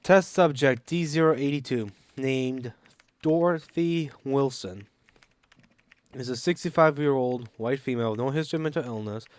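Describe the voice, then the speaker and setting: Man reading game reports slowly. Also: medium pitch, dry recording. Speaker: gaming channel narrator.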